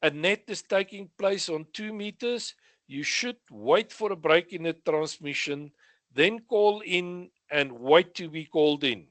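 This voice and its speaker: A man's voice: fairly high pitch, lively intonation, unhurried, a bit bright, no room sound. A man with a South African accent going over radio exam questions, reading each question and then giving the answer with short asides. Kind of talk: exam revision lesson.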